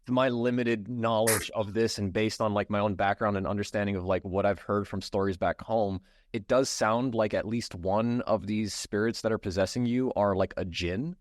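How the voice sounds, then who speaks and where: Low-voiced man calmly explaining. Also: normal speed, hardly any pauses, no room sound. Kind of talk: casual chat.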